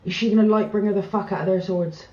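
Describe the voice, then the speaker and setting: A woman hosting a reaction video, giving live commentary full of swearing and emotion, moving from hushed murmurs to excited shrieks. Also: mid-range voice, fast talker, faint music behind. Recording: dull, roomy home recording.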